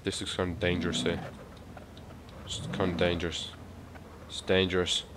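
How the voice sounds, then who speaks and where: A young man commentates on his gameplay, energetic and excitable and swearing freely. His voice sits low, with loud game engine and crash noise behind him. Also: moderate pace. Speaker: gaming YouTuber.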